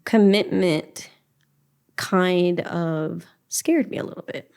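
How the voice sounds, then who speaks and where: A woman's voice: lowish voice, slow pace, creaky, darkish tone, clear, resonant tone. A middle-aged woman giving an earnest, emotional personal testimony as a podcast guest, speaking with faith and quoting her own prayers.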